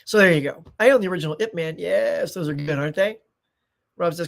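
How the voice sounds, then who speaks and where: A man's voice: on the high side, quick pace, vocal fry, fairly bright tone. A middle-aged man hosting a live stream in casual chat, rambling, reading viewer comments aloud and tossing in playful asides. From United States.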